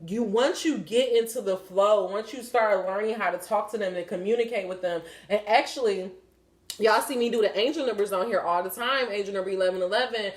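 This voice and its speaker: A woman's voice: medium pitch, fairly quick. A young woman hosting a podcast, chatting candidly about spiritual signs in a rambling, swearing way. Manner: rambling and profane, with many fillers. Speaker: podcast host. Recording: roomy echo.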